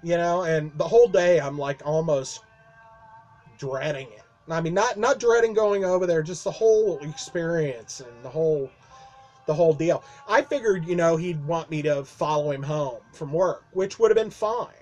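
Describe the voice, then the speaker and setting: A man from the American Midwest talks straight to his camera, telling a meandering story from his life. His voice sits a little higher than most men's. He fills gaps with ums and restarts and chuckles as he goes. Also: moderate pace, a little mellow, soft background music. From Midwestern United States. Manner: rambling, many fillers and restarts, chuckling. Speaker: vlogger. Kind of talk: casual storytelling monologue.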